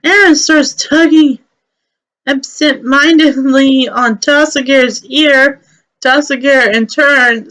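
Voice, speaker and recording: Unhurried high-voiced woman reading a game story. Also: a bit bright, rough recording. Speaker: let's play narrator.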